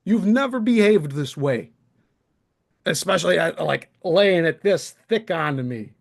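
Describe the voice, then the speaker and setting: A man's voice: fairly high pitch, lively intonation, a little slow, vocal fry. A man hosting a live stream, airing his grievances in a sarcastic, aggrieved rant. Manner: aggrieved, sarcastic, mocking impressions.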